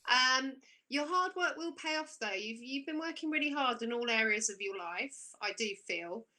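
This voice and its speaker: A woman's voice: a little high, expressive, moderate pace, pushed and bright. A woman co-hosting as an intuitive coach, encouraging and emphatic as she gives spiritual advice. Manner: encouraging and emphatic, repeats key phrases. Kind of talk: live-streamed spiritual coaching.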